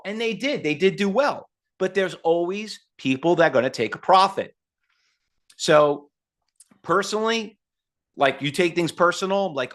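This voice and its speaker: A man's voice: a little high, expressive, normal speed, a bit bright. Blunt, salesy man in his fifties. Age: 50s. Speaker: trading instructor. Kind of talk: live online seminar talk.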